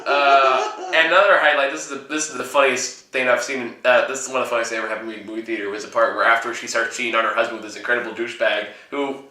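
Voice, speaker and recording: Bright loud guy ranting and laughing, cussing a lot, echoey room. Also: medium pitch, steady tone, very fast, few pauses. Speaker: host. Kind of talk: casual movie review chat.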